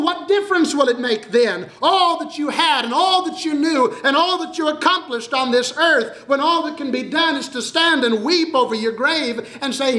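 A male preacher delivering a dramatic sermon, moving between urgent warnings and hushed storytelling. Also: extremely high pitch, normal speed, hardly any pauses. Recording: roomy echoing hall.

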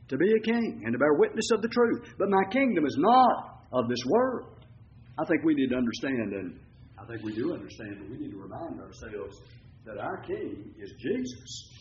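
Older male preacher, emphatic sermon delivery with big pitch swings, slightly dull church recording. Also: slight background noise. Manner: emphatic preaching, swinging from loud declarations to low asides.

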